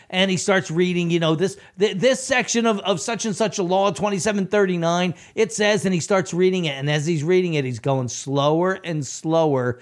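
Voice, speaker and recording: A man's voice: high voice, normal speed, hardly any pauses. A man co-hosting a local news podcast, telling stories in casual banter and acting out the people in them. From United States. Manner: animated storyteller, acts out courtroom quotes.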